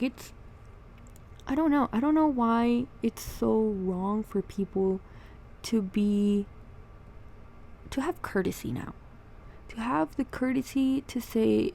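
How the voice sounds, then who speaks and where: A woman's voice: on the high side, creaky, a little hiss or hum. A young woman chatting while she does her makeup, telling an indignant storytime about friends at work. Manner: animated, indignant venting. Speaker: vlogger. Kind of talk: get-ready-with-me storytime chat. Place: at home doing makeup.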